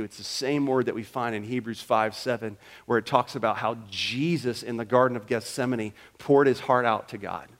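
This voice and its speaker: A man pastor preaching a sermon in a church, emphatic and acting out prayers and quoted talk. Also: mid-range voice.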